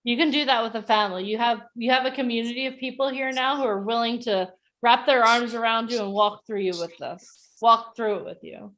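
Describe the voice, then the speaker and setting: An enthusiastic woman hosts a live online event with a slightly high voice. She cheers participants on and coaches them warmly. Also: a little fast. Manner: enthusiastic, encouraging. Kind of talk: upbeat live event hosting.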